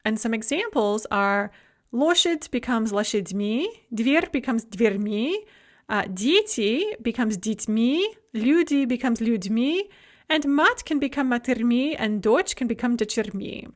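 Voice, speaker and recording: A woman's voice: on the high side, lively intonation, measured pace. A woman teaching a recorded grammar lecture, explaining rules and then reading examples word by word. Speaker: language teacher.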